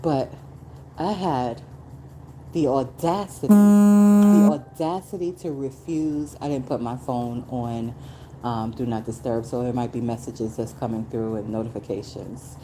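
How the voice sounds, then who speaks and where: A middle-aged woman hosting a casual solo podcast, talking emphatically and swinging from low asides to high exclamations. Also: warm tone, slight background noise, low-quality recording. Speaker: podcast host.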